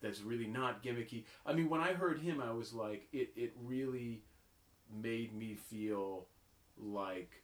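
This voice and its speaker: A man's voice: medium pitch, a little slow, echoey room. A man co-hosting a podcast, talking enthusiastically in casual conversation and often restarting his phrases. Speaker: podcast co-host and interviewer. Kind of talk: casual chat.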